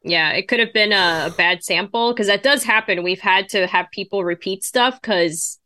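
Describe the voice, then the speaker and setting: Woman, podcast co-host, chatty, thinks aloud, bright voice, dry recording. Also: mid-range voice, normal speed, dry recording. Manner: chatty, thinks aloud while browsing ticket sites. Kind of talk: casual chat.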